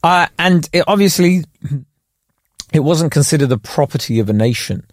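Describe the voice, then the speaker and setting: Rambling podcast co-host. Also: male voice, a little high, expressive, moderate pace, no room sound, studio quality. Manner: rambling, explanatory, self-mocking. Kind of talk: casual comedic chat.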